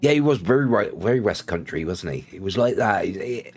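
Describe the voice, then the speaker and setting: A man's voice: lowish voice, lively intonation, fairly quick, faint music behind. Chatty man streaming a game. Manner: chatty, greets viewers, laughs often. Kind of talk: casual chat while livestreaming.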